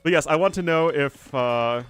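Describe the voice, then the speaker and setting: Male esports caster with a chatty, joking delivery who answers chat between plays, soft music underneath. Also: on the high side, normal speed, clean tone. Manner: chatty, joking asides reading viewer chat. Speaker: game tournament caster. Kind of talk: live esports commentary.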